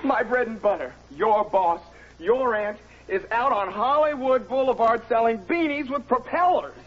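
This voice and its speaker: An actor playing an excitable, anxious innkeeper in a 1980s sitcom, talking frantically, on dull TV audio with a studio audience. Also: male voice, extremely high pitch, moderate pace, noisy background. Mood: frantic. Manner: frantic, breathless delivery.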